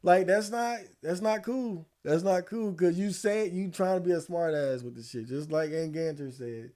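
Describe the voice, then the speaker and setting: A man streaming casual commentary, laid-back and slangy, swearing freely and laughing often, a little hoarse. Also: sits high, normal speed, dark tone. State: losing his voice. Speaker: streamer reacting to election night.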